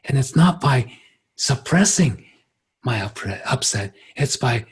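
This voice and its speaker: A man as a spiritual teacher giving a reflective workshop talk, gentle and unhurried, often pausing and turning lively when he quotes others. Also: medium pitch, slightly rough.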